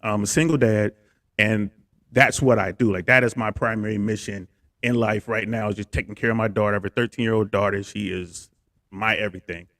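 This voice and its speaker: A man in his fifties from Ohio, a guest comedian telling his story in a relaxed, rambling way. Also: lowish voice, brisk, dry recording, clean studio sound. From Cincinnati, Ohio, USA. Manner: relaxed, rambling, with fillers and restarts. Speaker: guest, stand-up comedian and content creator. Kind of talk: casual interview storytelling.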